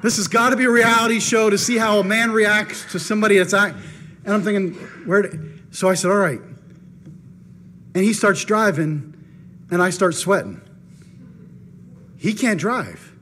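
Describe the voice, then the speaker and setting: A man preaching, telling a personal story in an animated first-person way and acting out his own thoughts. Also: high-pitched, normal speed, pauses often, slight background noise. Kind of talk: storytelling in a sermon.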